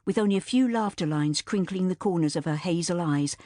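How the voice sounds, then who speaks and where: With a fairly low voice, an audiobook narrator tells a historical novel from script in an even, measured way. The audio is clean studio sound, recorded dry.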